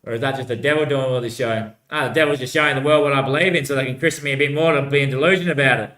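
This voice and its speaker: Bright-voiced man rambling in an echoey room. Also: mid-range voice, racing. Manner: repetitive, keeps saying "mate" and "bloody hell"; loose, drifting talk with frequent laughs. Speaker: vlogger. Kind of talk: rambling solo monologue.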